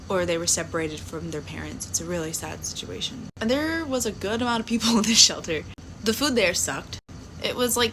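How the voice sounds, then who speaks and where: A woman's voice: on the low side, a bit bright, poor audio. A young woman in her twenties telling her story to camera in a loose, casual way. She is blunt and sassy and swears freely. A faint background hiss sits under her voice. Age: 20s.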